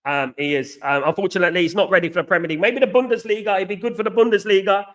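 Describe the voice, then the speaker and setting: A man's voice: high voice, fairly even intonation, racing. A man hosting a casual live chat, reading out viewer comments and answering emphatically, often repeating himself. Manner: emphatic, repeats "absolutely" and "you know what".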